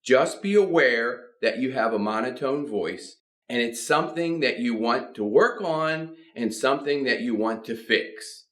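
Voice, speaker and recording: A middle-aged man teaching a speaking lesson, upbeat and encouraging, swooping his pitch high and low to demonstrate. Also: measured pace, a bit bright. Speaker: voice and speaking coach. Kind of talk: instructional video lesson.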